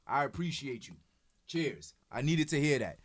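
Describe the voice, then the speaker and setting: A man's voice: medium pitch, sing-song, normal speed, no echo. A young man hosting a podcast, teasing his friends in playful, slangy casual chat. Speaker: podcast host.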